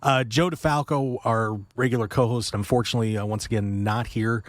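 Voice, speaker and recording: A man's voice: mid-range voice, steady tone, fairly quick, dry recording. A man hosting a wrestling radio show from a studio booth, joking around and dryly sarcastic with his co-host. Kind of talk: casual wrestling radio chat. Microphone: studio microphone.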